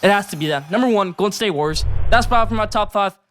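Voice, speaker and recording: A man's voice: high-pitched, fast talker, fairly bright tone, a little hiss or hum. A young man hosting a solo sports show, running hyped, emphatic segments and repeating his points. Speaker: sports podcast host.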